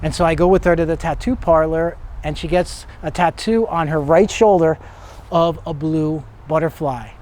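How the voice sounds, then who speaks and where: A man's voice: a little high, moderate pace, darkish tone. A middle-aged man, a motivational speaker, telling a personal story in an earnest manner that builds to emphatic peaks.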